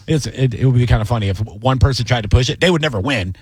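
Husky-voiced man in casual chat. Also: medium pitch, quick pace, dry recording, clean studio sound. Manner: animated storytelling with voices. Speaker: comedian, podcast co-host.

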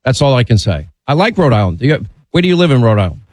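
A man's voice: medium pitch, very animated, fast, a little mellow, rough recording. A man hosting a call-in radio talk show, blunt and opinionated in a conversational way. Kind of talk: talk radio, taking calls.

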